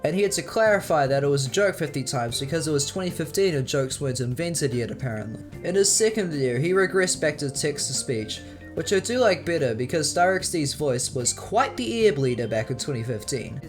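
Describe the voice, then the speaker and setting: A man's voice: on the high side, animated, a little fast, soft background music. A young man narrating scripted commentary in a sarcastic, profane way. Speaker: video commentator.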